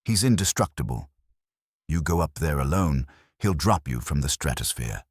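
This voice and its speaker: A man voicing a desperate, vengeful vigilante who talks in rough, brash slang with a thick, guttural accent. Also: extremely low pitch, lively intonation, moderate pace, dry recording, studio quality, heavily acted. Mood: gruff, desperate. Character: desperate, vengeful male vigilante leader, bitter and blunt.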